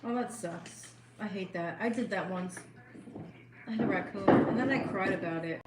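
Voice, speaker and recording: A cooking vlogger, a woman with a medium-pitched voice, chats and tells stories at a meal at a moderate pace, laughing frequently. She's recorded from a distance in an echoey room with a noisy background.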